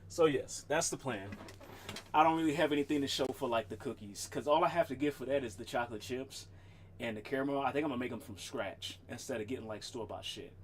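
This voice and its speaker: A male streamer chats loosely about his weekend, rambling and cursing as he goes. His voice sits at an average pitch, and a faint hum of room noise runs underneath. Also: fast talker. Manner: loose, rambling, swears freely, laughs often. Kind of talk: casual chat.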